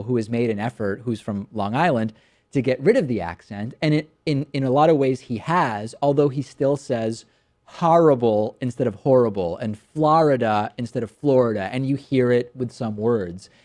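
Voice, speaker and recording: A male talk show host answers viewer questions in a relaxed, chatty way. His voice sits at a middle pitch, and he tells stories with lively restarts. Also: moderate pace. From Massachusetts. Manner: conversational, animated storytelling with frequent restarts.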